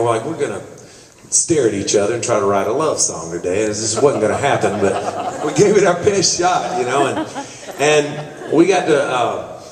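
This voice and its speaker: A singer-songwriter telling an easygoing, rambling story on stage between songs. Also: male voice, on the low side. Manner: easygoing, rambling, with fillers and restarts. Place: college concert hall. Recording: echoey hall, mic far off.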